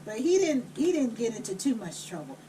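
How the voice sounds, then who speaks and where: A woman vlogger telling a family story while cooking at home, animated, laughing and blunt. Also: fairly high pitch, a little fast, recorded from a distance, a little hiss or hum.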